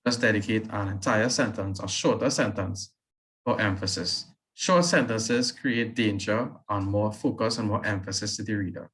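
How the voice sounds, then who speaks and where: Low-voiced male teacher critiquing a story. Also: a bit bright, low-quality recording. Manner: reads slowly with deliberate pauses, then comments briskly. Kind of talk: reading aloud and critiquing a student's story.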